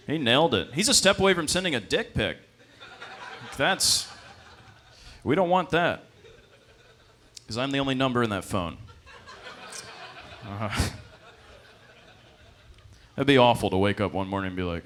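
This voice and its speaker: A young man doing stand-up, his pitch swinging widely as he tells stories. His tone is bright and forward, with deadpan asides between bursts of squeaky character voices. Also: measured pace, long pauses, slight background noise. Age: 20s. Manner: deadpan storytelling with sudden high-pitched character voices and chuckles. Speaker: stand-up comedian. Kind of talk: stand-up comedy set. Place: comedy club stage.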